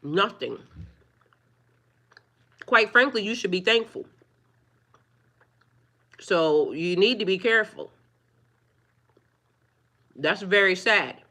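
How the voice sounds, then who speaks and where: A woman talking live to her viewers, firmly scolding trolls in a preachy, drawn-out way. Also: medium pitch, expressive, sharp tone. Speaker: livestreamer. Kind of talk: live-stream chat with viewers.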